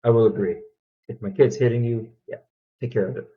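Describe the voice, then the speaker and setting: A man's voice: mid-range voice, steady tone, fairly quick, husky, narrow, tinny audio. A man from Alabama with a Southern accent, hosting a reaction video in an easygoing, thoughtful way with frequent fillers. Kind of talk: casual reaction commentary.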